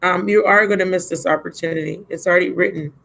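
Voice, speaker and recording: A woman's voice: fairly low pitch, steady tone, quick pace, gravelly, a bit bright, low-quality recording. Drained, blunt woman reading tarot live. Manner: casual and blunt, calls listeners baby and my love. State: drained and yawning. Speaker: tarot reader.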